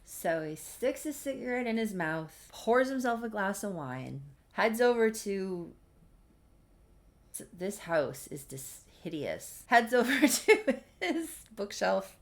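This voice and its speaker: Gravelly-voiced woman narrating a game story. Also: medium pitch, sing-song, takes it slowly. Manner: chatty, wry asides. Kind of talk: casual narrated let's-play story.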